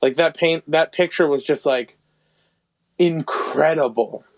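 A man's voice: a little high, measured pace. A man chatting casually, describing things at length with plenty of fillers in an easygoing way. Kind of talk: casual chat.

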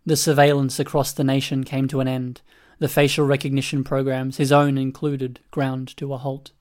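Steady male audiobook narrator, even pitch. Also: normal speed.

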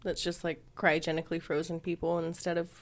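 A woman co-hosting a casual chat, reacting with quick jokes. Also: fairly low pitch, flat delivery. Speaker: podcast co-host.

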